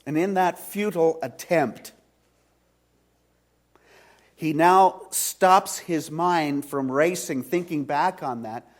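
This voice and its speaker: A male pastor preaching a sermon in a church, retelling a story slowly with dramatic swings from loud to hushed. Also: fairly high pitch. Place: church sanctuary.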